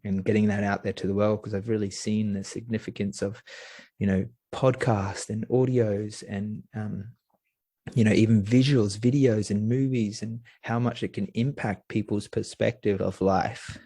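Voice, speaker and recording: A man's voice: fairly low pitch, fairly even intonation, moderate pace, mellow, husky, dry recording. A young man, a podcast guest, eagerly telling a rambling story full of fillers. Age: young adult. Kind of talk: casual storytelling.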